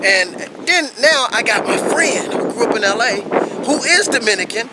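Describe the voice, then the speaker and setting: A man telling his life story in a casual, animated vlog while walking uphill outdoors, slightly out of breath and laughing now and then. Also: very high voice, moderate pace, heavy background noise. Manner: animated, laughs often, acts out what people said. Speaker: vlogger.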